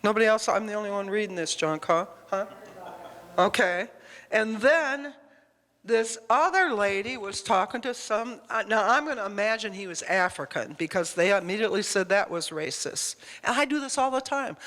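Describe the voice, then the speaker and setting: The long echo of a church hall surrounds this woman's medium-pitched, fairly bright voice as she speaks at a moderate pace with animation. Her sermon feels conversational, rambling and emphatic, with frequent questions put to the congregation.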